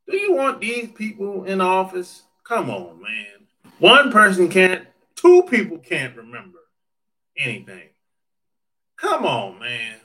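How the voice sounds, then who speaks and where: A man with a high, bright voice chats with his viewers in a loose, joking way. He talks at a slow pace, with pitch that swings widely, swears freely and laughs often between comments. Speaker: livestreamer reading viewer comments. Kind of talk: casual chat.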